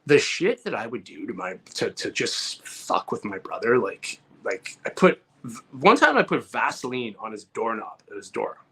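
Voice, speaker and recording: A man co-hosting a comedy podcast, telling a story in a casual, animated way and acting out loud outbursts. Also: medium pitch, normal speed, slightly rough. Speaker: podcast co-host.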